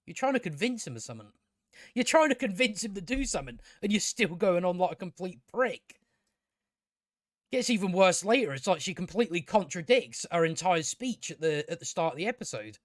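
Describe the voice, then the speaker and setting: A man's voice: sits high, very animated, brisk, no echo, clean studio sound. A man reviewing a TV episode in a rambling casual recap, sarcastic and profane, stumbling over restarts. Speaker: video reviewer.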